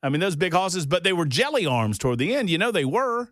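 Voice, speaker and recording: A man hosting a talk radio show, folksy and jokey, his voice jumping up in loud disbelief. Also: high-pitched, sing-song, quick pace, dry recording, clean studio sound. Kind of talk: casual studio banter. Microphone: studio microphone.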